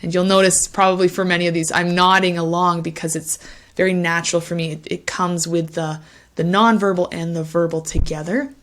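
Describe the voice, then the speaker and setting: A woman's voice: lowish voice, little pitch movement, a little fast, fairly bright tone. A young woman teaching test-speaking skills in an online lesson, demonstrating short listening phrases with varied intonation.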